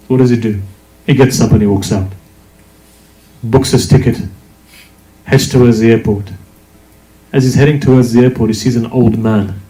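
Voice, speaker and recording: Mellow-voiced male preacher in an echoey hall. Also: medium pitch, steady tone, moderate pace, pauses often, a little hiss or hum. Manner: emphatic, with rhetorical questions. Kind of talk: religious sermon.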